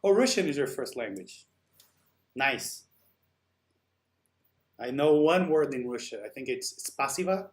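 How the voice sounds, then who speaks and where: A man's voice: mid-range voice, lively intonation, unhurried, long pauses. A man hosting a live stream, chatting casually and answering viewer comments while he works.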